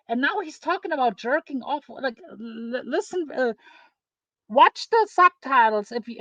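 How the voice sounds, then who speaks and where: A woman's voice: high-pitched, a bit bright, no room sound, highs cut off. A woman from Germany hosting a livestream, reacting to a clip with exasperated, profane commentary. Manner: exasperated, swearing, rambling.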